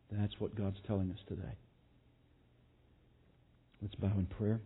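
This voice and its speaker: A man's voice: fairly low pitch, flat delivery, a little slow, pauses often, husky. A man preaching a sermon as pastor, earnest and emphatic, repeating key phrases. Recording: echoey hall, phone-like sound.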